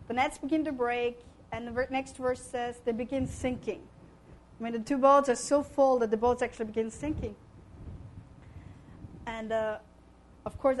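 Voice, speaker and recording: A high-pitched woman speaks to a congregation as a missionary and tells her story with lively energy. She acts out the lines of the people she quotes and laughs often. There is a faint hum of room noise behind her. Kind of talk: testimony talk to a congregation.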